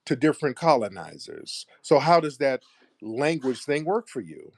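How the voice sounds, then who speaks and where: A man's voice: mid-range voice, sing-song, moderate pace, no echo. Mocking combative male call-in host. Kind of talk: confrontational call-in show.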